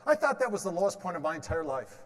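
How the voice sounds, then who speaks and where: A man in his fifties gives a motivational talk in a large hall, his rather high voice trailing a long reverb. He tells stories and keeps quizzing the crowd with questions and jokes. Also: very animated, fast talker. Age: 50s. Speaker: motivational speaker. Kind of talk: motivational stage talk with humor.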